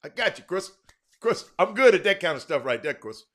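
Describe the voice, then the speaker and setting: Bright-voiced man hosting a livestream. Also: sits high, very animated, fast talker. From Houston, Texas. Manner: chatty, talks to viewers by name, frequent restarts. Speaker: livestream host. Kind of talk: casual livestream chat reading viewer comments.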